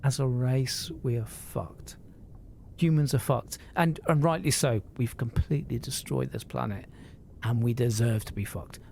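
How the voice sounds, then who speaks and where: A man's voice: medium pitch, fairly even intonation, a little slow, gravelly, darkish tone, slight background noise. A man, talking to live-stream viewers in an earnest, emotional, rambling way, swearing freely and often restarting his sentences.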